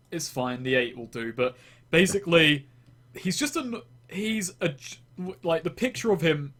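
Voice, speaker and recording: A man acting as game master for a tabletop game describes scenes loosely and ramblingly, frequently restarting his phrases. His voice is a little high with a fairly bright tone.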